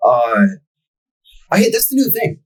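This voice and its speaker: A man's voice: very high voice, wildly swooping pitch, unhurried, low-quality recording. A young man telling a profane, ranting story as a podcast co-host in casual chat. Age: young adult.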